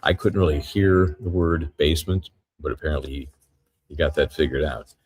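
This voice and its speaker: A man giving a live courtroom recap as a trial reporter, retelling events in a halting, methodical way. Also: a bass voice, steady tone, a little mellow, a little hiss or hum.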